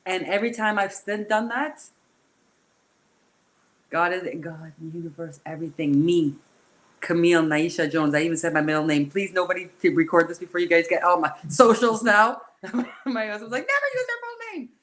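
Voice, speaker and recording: A woman's voice: lowish voice, moderate pace. A woman hosting a group discussion and speaking emotionally and candidly, in bursts with restarts. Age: adult, a mother. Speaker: host.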